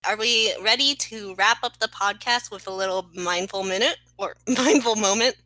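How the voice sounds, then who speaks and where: A woman co-hosting a casual podcast, lively, joking and encouraging. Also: mid-range voice, moderate pace, dry recording, low-quality recording. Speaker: podcast co-host.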